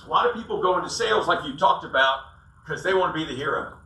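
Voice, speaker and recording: A man's voice: fairly high pitch, expressive, fast, sharp tone. A man giving a casual sales talk to an audience, telling stories and acting out quotes in a folksy way. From South Carolina. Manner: storytelling, acts out quotes, folksy asides. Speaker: sales coach speaker. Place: roomy event hall. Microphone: distant room mic. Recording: echoey room, voice from far off.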